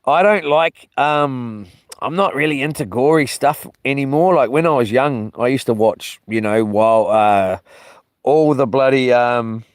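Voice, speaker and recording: A man's voice: medium pitch, a little slow, no room sound, studio quality. A man chatting loosely to his live viewers on a solo camping trip, wandering off topic and mildly cursing as he greets people from the chat. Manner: meandering, loses his thread, mild cursing. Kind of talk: casual rambling live chat.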